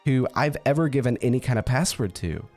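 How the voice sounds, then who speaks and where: Aggrieved schoolboy voiced by a man, accusing, mid pitch, faint music behind. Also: lively intonation, fairly quick, darkish tone, close to an everyday voice. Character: upset ten-year-old boy who was hacked.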